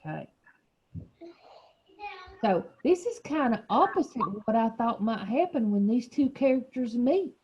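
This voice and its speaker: A woman's voice: on the high side, sing-song, measured pace, pauses often, darkish tone, highs cut off, slight background noise. A woman teacher leading a reading lesson for young children, explaining patiently and encouraging them.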